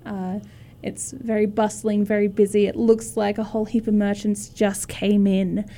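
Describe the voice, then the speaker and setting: Woman game master, mellow dark voice, easygoing narration. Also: medium pitch, moderate pace. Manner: relaxed, loose narration with fillers.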